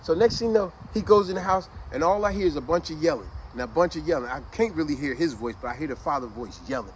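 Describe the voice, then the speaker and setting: Brief: middle-aged male vlogger, conversational and animated, slightly high voice, light background noise. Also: fast talker, hardly any pauses, poor audio. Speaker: vlogger telling a childhood story. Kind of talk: casual storytelling to camera.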